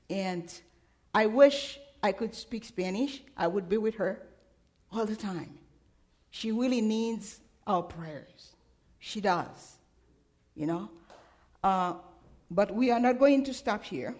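A woman's voice: mid-range voice, slow pace, pauses often. A woman preacher giving a sermon, questioning her congregation again and again.

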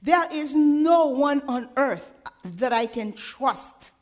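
A woman preacher voicing a despairing man who weeps and begs, in slow, heavy, pleading phrases. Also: high voice, expressive. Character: despairing man weeping and begging.

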